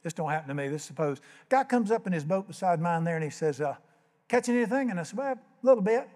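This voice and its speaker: A man's voice: fairly high pitch, rapid-fire, a little mellow, long reverb tail. An older man preaching a sermon as pastor, telling folksy stories and acting out the voices. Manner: folksy storytelling, acts out voices.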